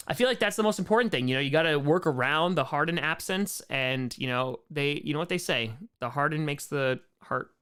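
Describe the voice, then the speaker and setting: A man with a hoarse, worn-out voice hosting a casual live Q&A, joking and rambling as he reads chat questions. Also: fairly high pitch, pushed and bright. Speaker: live stream host answering chat.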